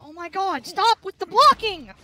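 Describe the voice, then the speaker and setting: A woman's voice: very high voice, expressive, normal speed, sharp tone. A woman gamer doing let's play commentary, furious and swearing constantly at the game.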